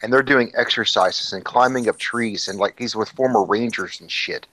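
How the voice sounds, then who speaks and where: A man with a fairly low, bright and forceful voice, speaking at a normal speed, co-hosts a casual livestream podcast. He tells a long, rambling anecdote, profane and packed with fillers and restarts. The recording is dry but low in quality.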